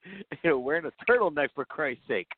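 A man's voice: fairly high pitch, husky, no echo. A man co-hosting a podcast in casual chat, laughing often and swearing as he riffs on a film. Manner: giggly, profane, quick to laugh. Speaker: podcast co-host. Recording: dry, phone-like lo-fi audio.

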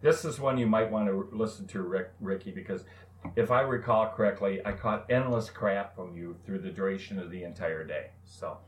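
A man in his forties co-hosts a casual chat show. His voice sits low, and his story wanders along with plenty of "uh" fillers. The room around him is echoey. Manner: rambling anecdote with many "uh" pauses. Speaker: co-host.

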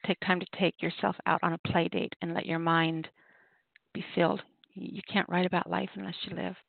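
A woman's voice: on the low side, level tone, normal speed, vocal fry, no room sound. A woman hosting a poetry radio show, talking casually and rambling, with frequent laughs. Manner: chatty, rambling, laughs often. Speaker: host of an open mic poetry radio show. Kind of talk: casual talk giving poetry prompts. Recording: tinny call-in phone line.

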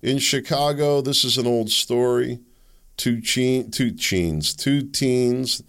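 A man's voice: medium pitch, flat delivery, slow, a bit bright. A man hosting a solo commentary show, rambling and opinionated, with sardonic asides. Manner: rambling, opinionated, sardonic, with mocking put-on quotes. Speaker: podcast host.

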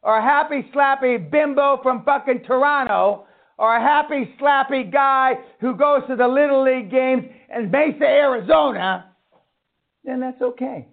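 A man's voice: very high-pitched, moderate pace, vocal fry. A man giving a seminar talk, blunt and foul-mouthed, ranting at his audience. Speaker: seminar speaker. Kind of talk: profane motivational lecture. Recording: tinny phone-like sound.

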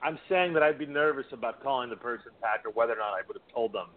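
A man's voice: mid-range voice, quick pace. Guy on a panel, hedging a lot, muffled phone sound. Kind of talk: casual panel chat. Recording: tinny phone-line audio.

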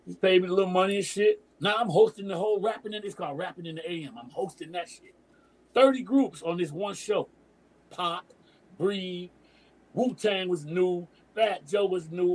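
A middle-aged DJ and emcee from Detroit holds the floor as a podcast guest, spinning a long tale in loose street slang. His voice sits a bit high for a man and has a husky, slightly rough grain. He jumps into the voices of the people he quotes as he goes. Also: moderate pace, poor audio. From Detroit, USA. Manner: animated storyteller, profane slang, acts out quoted dialogue. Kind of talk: casual storytelling interview.

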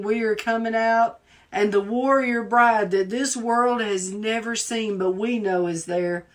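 Slow tearful Southern woman praying. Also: on the high side. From Southern United States. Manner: fervent, emphatic, repeats phrases for emphasis. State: tearful, holding back tears. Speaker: preacher. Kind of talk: live prayer and prophetic exhortation.

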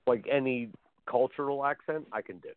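A man's voice: mid-range voice, steady tone, moderate pace, dry recording. A man chatting bluntly and rambling on a call-in radio show, heard over a phone-line connection. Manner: blunt, rambling, repeats himself. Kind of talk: casual chat.

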